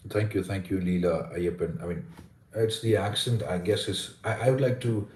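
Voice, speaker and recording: A man's voice: deep voice, normal speed, a little mellow, echoey room, distant mic. A man with an Indian accent hosting a casual live Q&A on English pronunciation, reading out viewer comments and answering with frequent restarts and repeated words. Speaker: livestream host teaching English pronunciation.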